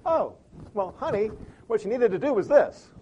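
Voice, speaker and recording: A man's voice: high voice, big pitch swings, normal speed, dark tone, highs cut off, slight background noise, pitched above the performer's own voice. A man playing a know-it-all husband. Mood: defensive. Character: husband home from work, eager to give advice.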